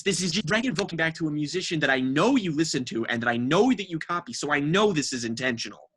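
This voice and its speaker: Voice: medium pitch, expressive, fast, few pauses, a bit bright, soft background music. A podcast co-host ranting through an album review with exasperated, profane, cutting remarks.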